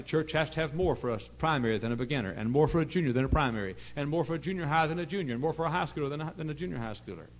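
A middle-aged pastor preaches with a gravelly, fry-edged voice at an ordinary male pitch. His delivery is earnest and storytelling, sliding from quiet, confiding asides up to forceful emphasis. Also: a little hiss or hum, poor audio. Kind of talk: sermon.

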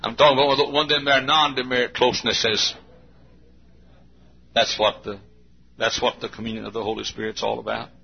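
A man's voice: mid-range voice, flat delivery, fairly quick, creaky, pauses often, slightly rough. A man preaching a sermon in a folksy storytelling way, acting out little scenes. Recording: dull lo-fi recording with faint hum.

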